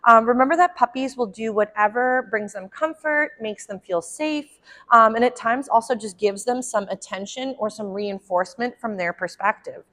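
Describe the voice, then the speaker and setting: A woman dog trainer explaining puppy training in a friendly way at home, with frequent ums and quick asides to the puppy. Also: fairly high pitch, a bit bright. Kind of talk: instructional dog-training demo.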